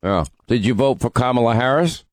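A man's voice: medium pitch, lively intonation, brisk, no echo. A man hosting a call-in radio show, needling and arguing with a caller. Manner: combative, needling. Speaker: radio talk show host.

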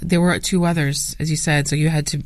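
A radio news interviewer asking gentle, probing questions. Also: mid-range voice, level tone, a little fast, dry recording.

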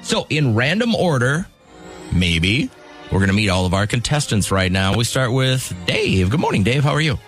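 A man's voice: mid-range voice, big pitch swings, moderate pace, a bit bright, soft background music. A man hosting a radio morning show, running a call-in game with upbeat, joking banter in a studio. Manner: upbeat, joking, chatty with callers.

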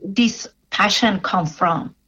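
A woman interviewing a guest for community radio, asking calm questions with short encouraging replies. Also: medium pitch, slow pace, husky. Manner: calm, encouraging, brief affirmations. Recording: slightly dull lo-fi radio sound.

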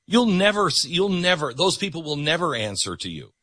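A middle-aged man hosts a talk show and argues an opinionated political monologue, hammering points home by repeating words. His pitch swings widely as he talks, his voice has a slightly husky edge, and it sounds dry and close. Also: very animated, a little fast, sharp tone, no echo. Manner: emphatic, repeats words for stress.

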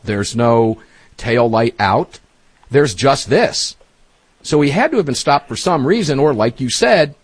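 A man's voice: mid-range voice, breathy edge, no room sound. A man hosting a talk radio show, emphatic and folksy, speaking straight to his listeners.

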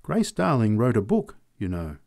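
A man voicing a large woman in a crowd who leans in and confides in a low, whispery aside. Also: wildly swooping pitch, moderate pace, creaky, a little mellow. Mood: conspiratorial.

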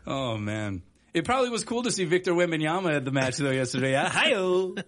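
A man's voice: fairly high pitch, big pitch swings, fairly quick, a bit bright. A man hosting a sports radio talk show, chatting casually and laughing often. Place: radio studio.

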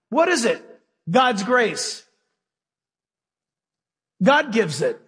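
A man's voice: sits high, sing-song, takes it slowly, long pauses, a bit bright, breathy edge. A man preaching a sermon to his congregation in a church, folksy and emphatic, often firing questions straight at his listeners. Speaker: pastor. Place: church sanctuary with a live congregation. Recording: long hall reverb.

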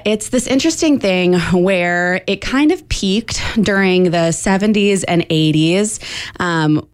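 Low-voiced woman linguist explaining. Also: dry recording, studio quality. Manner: explanatory, uses fillers like um. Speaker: linguist guest. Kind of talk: radio interview answers.

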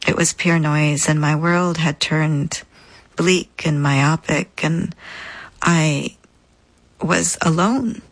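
A woman with a low, grounded voice speaks as an interview guest. She recounts her experience slowly and deliberately, pausing between phrases. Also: low-quality recording. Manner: measured, deliberate, pausing often. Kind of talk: reflective personal storytelling.

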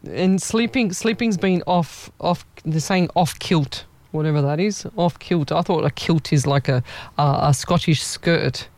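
Chatty, higher-voiced male psychic. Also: unhurried, dry recording. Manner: chatty, rambling, self-mocking with frequent laughs; warm familiar address. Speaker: psychic medium. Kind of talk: live psychic reading to viewers.

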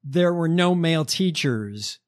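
Male podcast host, slightly high voice, halting and sardonic delivery. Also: animated. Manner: halting, lots of fillers, sardonic. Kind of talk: casual chat.

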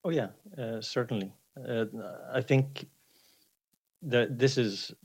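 A man's voice: medium pitch, takes it slowly, darkish tone, breathy edge. A man, an economics professor, answering interview questions hesitantly with many fillers over a breaking-up remote line.

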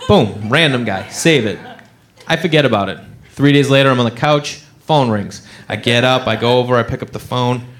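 A man's voice: mid-range voice, moderate pace, a bit bright. A man doing stand-up comedy, telling a story in a playful way with lots of asides.

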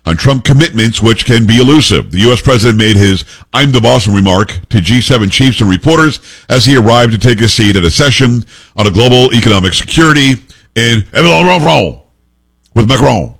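A man's voice: medium pitch, animated, normal speed, vocal fry, breathy edge. A man hosting a talk radio show, reading news reports aloud and giving blunt, opinionated commentary.

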